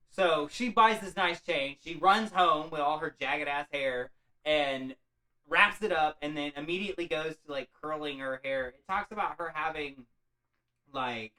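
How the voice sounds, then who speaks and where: A man's voice: on the high side, sharp tone, rough recording. Rambling, profane male storyteller. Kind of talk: loose comic retelling of a classic.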